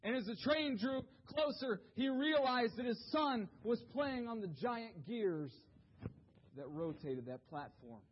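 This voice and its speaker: A man preaching a sermon, telling a story dramatically, dropping to hushed low tones and then rising to shouts. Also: expressive, measured pace, slight background noise. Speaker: pastor. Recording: dull lo-fi recording.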